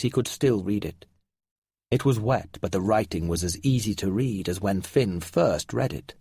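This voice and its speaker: A man narrating a story slowly and deliberately, with a lively, expressive pitch. His voice is husky and breathy, recorded very dry and close. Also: no echo. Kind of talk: slow story reading for English learners.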